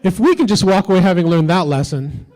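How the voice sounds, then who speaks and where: A man's voice: sits high, animated, fast talker, darkish tone, rough recording. A man doing a stand-up comedy set on a convention stage, with edgy, teasing banter toward the crowd.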